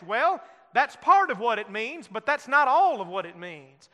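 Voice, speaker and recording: A male pastor preaching a sermon, swinging from loud emphatic lines to soft hushed ones and putting questions to the congregation. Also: very high voice, sing-song, unhurried, big-room sound. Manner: asks the congregation questions and voices their objections.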